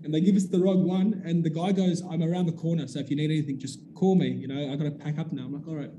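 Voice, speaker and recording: A man's voice: a little high, steady tone, very fast, noisy background. A man, telling a story in casual chat, acting out the dialogue with animation and swearing casually. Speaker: business owner telling a story.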